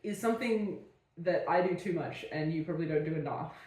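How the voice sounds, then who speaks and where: A woman's voice: low-pitched, a little fast, a little mellow. A woman co-hosting a podcast, chatting and commenting on a story with her friend. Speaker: podcast co-host. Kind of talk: casual chat. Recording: echoey, distant mic.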